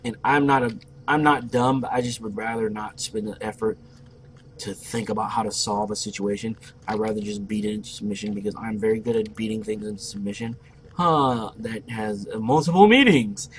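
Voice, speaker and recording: A young man narrating his online game play, telling a loud, profane story about a fight. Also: on the low side, brisk, a little hiss or hum. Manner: brash, profane, boastful storyteller. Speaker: gameplay commentator. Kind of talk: casual let's play storytelling.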